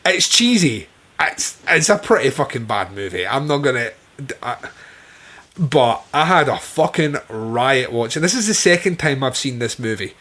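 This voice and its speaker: A man's voice: mid-range voice, big pitch swings, moderate pace, fairly bright tone. A man co-hosting a podcast, chatting casually and enthusiastically about a horror film, swearing freely. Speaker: podcast co-host. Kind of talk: casual film review chat.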